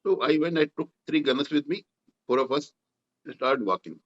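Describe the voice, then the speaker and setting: A man's voice: fairly high pitch, expressive, fairly quick, lo-fi sound. An older man with an Indian English accent, a war veteran recounting battlefield memories in an interview, acting out the dialogue vividly. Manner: vivid, reenacts dialogue with rising intensity. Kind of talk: storytelling in interview.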